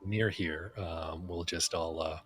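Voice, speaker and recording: A man chatting in character in a roleplay game, halting and hesitant with many fillers. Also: deep voice, steady tone, fairly bright tone. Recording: faint music behind.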